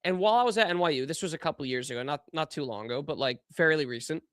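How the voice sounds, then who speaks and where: A young man hosting a podcast, giving casual political commentary in an animated, incredulous way that keeps trailing off and restarting. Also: on the high side, racing, clean tone, dry recording, clean studio sound. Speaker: podcast host.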